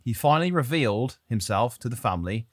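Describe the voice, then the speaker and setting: A man's voice: mid-range voice, expressive, quick pace, no room sound. A man co-hosts a podcast and retells a pirate legend in a loose, joking chat. He keeps laughing and wanders into asides as he goes. His voice sits in a middle range and is recorded close and dry. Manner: jokey, laughs often, rambling asides. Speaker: podcast co-host telling the story. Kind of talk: casual storytelling chat.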